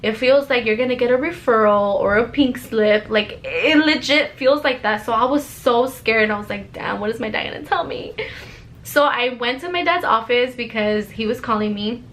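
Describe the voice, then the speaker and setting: A young woman talks straight to her viewers, telling a personal story. She is chatty and animated and fills her sentences with "like". Her voice sits a little high. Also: normal speed, few pauses. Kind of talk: casual storytelling to camera.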